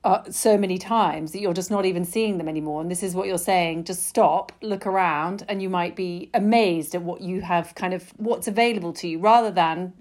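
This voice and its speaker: A woman's voice: fairly low pitch, normal speed, few pauses, darkish tone. A woman interviewer who thoughtfully sums up her guest's points in conversation. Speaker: interviewer, host.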